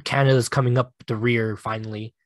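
Excitable guy rambling solo about sports. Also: medium pitch, a little fast, dry recording. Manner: animated, emotional, swears casually, laughs at himself. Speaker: podcast host.

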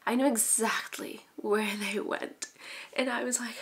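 A woman's voice: fairly high pitch, steady tone, measured pace, fairly bright tone, husky. A young woman chatting casually on a book vlog, gushing and giggly as she talks. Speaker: book vlogger.

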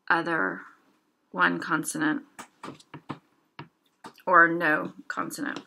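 A young woman teaching a casual language lesson, slowly sounding out example words one at a time. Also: fairly low pitch, bright, forceful tone.

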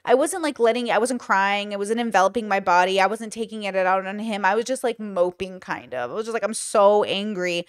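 A woman's voice: mid-range voice, fairly quick, few pauses. A woman in her thirties hosting a podcast, telling stories in casual chat and acting out what people said, with lots of fillers. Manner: chatty storytelling, acts out quoted lines, many fillers. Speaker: podcast host.

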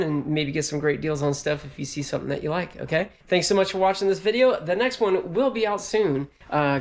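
A man with a slightly raised pitch talks casually to his viewers. He rambles and fills pauses as he sorts through a storage locker he bought. His delivery is loose and conversational. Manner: chatty, rambling, with many fillers. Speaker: storage locker buyer and channel host. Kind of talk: casual vlog talk to camera. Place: storage locker during a heat wave.

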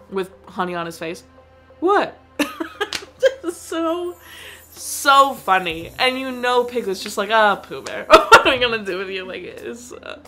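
Giggly chatty young woman reviewer, bright voice. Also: mid-range voice. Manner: chatty and giggly, lots of fillers. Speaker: movie review vlogger. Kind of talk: casual movie review chat.

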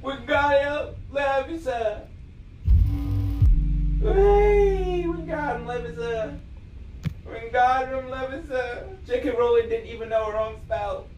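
A gamer commentating on a VR game, excitable and yelling spell words at it. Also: medium pitch, measured pace. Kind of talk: let's play commentary. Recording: echoey room, mic off at a distance, faint noise.

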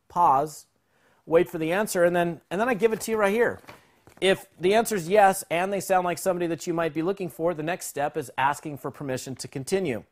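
A man walks listeners through a sales phone script with energy and easy, conversational delivery. His voice sits a little high for a man, and he slips into both sides of the calls as he explains. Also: quick pace. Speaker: sales trainer.

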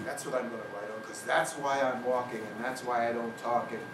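A man's voice: mid-range voice, fairly even intonation, brisk, noisy background. An older man giving a university talk, telling a personal story and acting out other people's lines. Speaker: lecturer. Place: university lecture hall. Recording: echoey lecture hall recording, mic far off, loud ambience.

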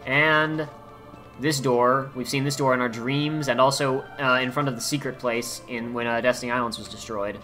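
A man's voice: mid-range voice, fairly even intonation, normal speed, bright, forceful tone. A man hosting a let's play, chatting casually in an upbeat, rambling way over faint game music.

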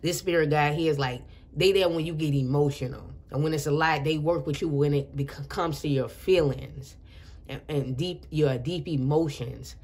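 A woman's voice: low voice, normal speed, a little mellow, slightly rough. Chatty woman giving a tarot reading. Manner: rambling and chatty, with frequent restarts. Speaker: tarot reader. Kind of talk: casual intuitive tarot reading.

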